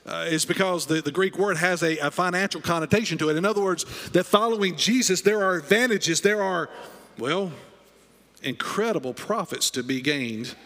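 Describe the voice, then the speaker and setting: A man's voice: high-pitched, moderate pace, fairly bright tone. A man preaching a sermon as pastor, emphatic and repeating key phrases, in a church sanctuary. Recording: long reverb of a church hall.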